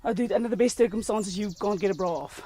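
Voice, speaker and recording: A woman's voice: medium pitch, fast talker, warm tone, slight background noise. A woman teaching a first-aid class, quizzing her student and joking with frequent laughter. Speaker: CPR instructor.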